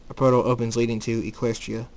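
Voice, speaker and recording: A young man reading his own fan fiction aloud, with a halting delivery and small restarts. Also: medium pitch, little pitch movement, a little mellow, slight background noise. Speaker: amateur storyteller.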